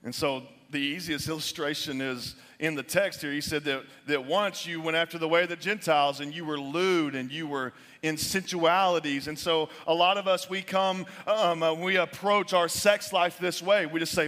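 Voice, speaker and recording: A young adult man preaching a sermon as pastor, animated, sometimes dropping his voice low for emphasis. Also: moderate pace, few pauses. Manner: animated preaching, drops to near-whispers for emphasis. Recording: long reverb of a large hall.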